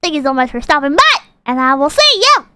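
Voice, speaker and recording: A young woman streamer chatting casually in an excitable, jokey way, often shouting and laughing. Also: high-pitched, a little fast, very noisy. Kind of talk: casual livestream chat.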